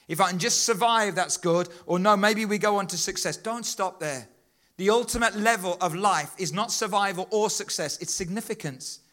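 A man's voice: high voice, sharp tone. A middle-aged male preacher delivering a sermon, emphatic and rhythmic, repeating key phrases.

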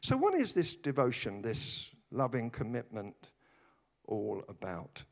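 Animated preacher, lively pitch. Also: male voice. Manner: animated storytelling, quick asides. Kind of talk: humorous sermon.

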